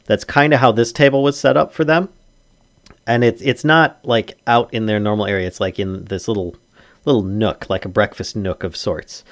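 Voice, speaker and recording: A man's voice: fairly low pitch, steady tone, normal speed. Filler-heavy male game master. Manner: hesitant, filler-heavy narration. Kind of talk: narrating a tabletop game.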